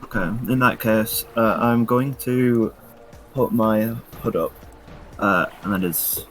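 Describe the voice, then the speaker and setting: Low-voiced man planning his turn. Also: takes it slowly, faint music behind. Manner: hesitant, filler-heavy planning. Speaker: player. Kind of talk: tabletop game chat.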